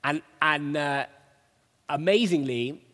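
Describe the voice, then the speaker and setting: A man's voice: a little high, takes it slowly, fairly bright tone, big-room sound. A man preaching in an earnest, conversational way, telling a personal story. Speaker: preacher sharing a testimony. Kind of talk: conversational sermon.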